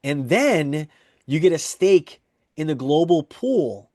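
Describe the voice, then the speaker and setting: A man with a fairly high voice gives an eager sales presentation. He walks through one example after another and repeats the same points as he builds the pitch. The sound is dry and close. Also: very animated, takes it slowly, a little mellow, no room sound. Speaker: network marketing presenter.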